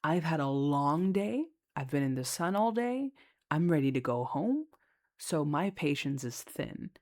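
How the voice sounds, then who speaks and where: Woman with a low voice, casual storyteller, chatty, blunt and sweary, lots of filler words. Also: big pitch swings, a little slow, darkish tone. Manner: chatty and candid, swears freely, heavy on fillers. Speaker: lifeguard.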